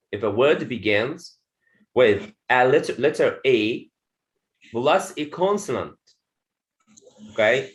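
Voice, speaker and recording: Guy teaching english pronunciation, slow and sing-songy, says every word twice, lots of okays. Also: fairly high pitch, poor audio. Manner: slow and repetitive, says words twice to model them; frequent "okay" fillers. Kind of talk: slide-based lesson.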